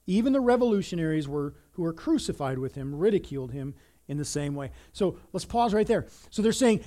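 A man with a high-pitched voice preaches to his congregation. He reads scripture aloud and explains it in an earnest, animated way, often restarting his sentences as he builds intensity. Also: moderate pace. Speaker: pastor. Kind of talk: sermon.

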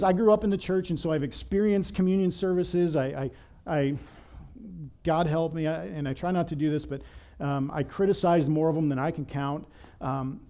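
A man as pastor, giving a conversational sermon with animated storytelling, often repeating words as he starts a sentence. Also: a little high.

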